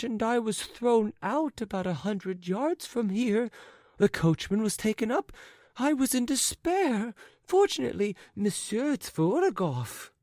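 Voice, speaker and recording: A woman's voice: fairly high pitch, warm tone, no echo, clean studio sound. A woman voicing a flighty, chattering society lady in an audiobook. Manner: twittering, affected. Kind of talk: audiobook character reading.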